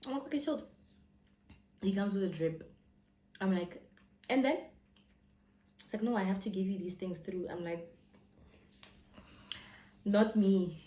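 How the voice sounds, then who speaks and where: A young woman casually telling a personal story as a vlogger, animated and dramatic, switching between English and Setswana phrases. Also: mid-range voice, moderate pace, long pauses. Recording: roomy echo, faint background noise.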